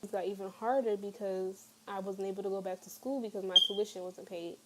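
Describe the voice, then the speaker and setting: A woman's voice: mid-range voice, steady tone, brisk, heavy background noise. A young woman telling a personal story to camera in a casual storytime vlog, candid and chatty with lots of fillers. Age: young adult. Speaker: vlogger.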